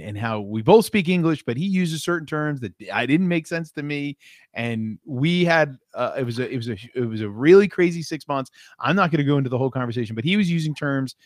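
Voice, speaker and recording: A man's voice: mid-range voice, no room sound, clean studio sound. A man hosting an interview who rambles and fills his speech with "like" and "right?". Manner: rambling, uses "like" and "right?" a lot. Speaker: interview host. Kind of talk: casual interview talk.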